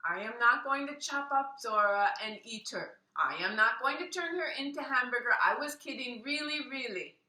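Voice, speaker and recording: A woman's voice: fairly high pitch, animated, moderate pace, hardly any pauses, sharp tone. Sly teasing farm woman, read by a woman. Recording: roomy sound from a distance.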